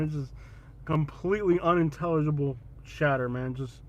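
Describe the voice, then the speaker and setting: A man's voice: fairly high pitch, normal speed, fairly bright tone, muffled recording. Rambling, jokey man chatting while driving. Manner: rambling, jokey, laughing often. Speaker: livestreamer. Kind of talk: casual live-stream chat. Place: in a car, driving.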